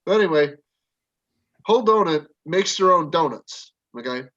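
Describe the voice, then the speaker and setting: A man's voice: fairly high pitch, expressive, normal speed, fairly bright tone. Rambling New man on a call. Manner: rambling, fillers like "freaking". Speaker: friend in group call. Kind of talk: casual chat. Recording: dull lo-fi call audio.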